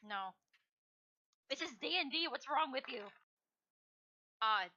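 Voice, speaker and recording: A woman's voice: high-pitched, expressive, slow pace, sharp tone, muffled recording. A woman playing in a tabletop game, chatting casually in a flustered, playful way. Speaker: player.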